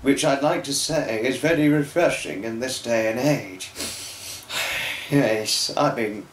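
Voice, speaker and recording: A man's voice: medium pitch, slow pace, echoey room, slight background noise, low-quality recording. A young man talking earnestly and tearfully in a rambling personal vlog, with many restarts. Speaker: fan vlogger.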